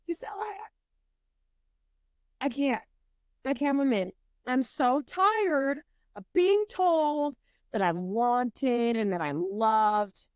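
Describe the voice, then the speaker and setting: A woman in her twenties, co-hosting a podcast, telling a story in an animated, profane way with lots of fillers. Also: high voice, unhurried, clean tone, dry recording. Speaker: podcast co-host. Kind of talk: casual storytelling chat.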